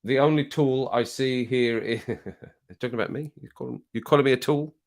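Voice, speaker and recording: A man's voice: mid-range voice, normal speed, vocal fry, darkish tone. Guy rambling on his live stream, reading out chat and laughing a lot. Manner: chatty, reads viewer comments aloud, laughs often. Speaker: music reaction streamer.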